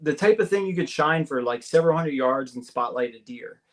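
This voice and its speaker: A man with a somewhat high voice tells a personal story as a guest on a talk radio show. He talks excitedly, with constant fillers and tag questions, and his pitch leaps up whenever he acts out what someone said. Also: a little fast. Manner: acts out the quoted voices, jumping higher for them. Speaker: guest recounting an abduction experience. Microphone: call-in or studio mic on a talk radio show.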